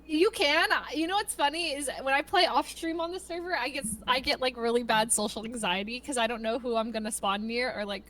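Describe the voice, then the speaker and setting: Rambling chatty young woman, higher voice. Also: a little fast, few pauses, fairly bright tone, slight background noise, low-quality recording. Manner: rambling, self-interrupting, acts out voices in quotes. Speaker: guest streamer. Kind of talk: casual chat.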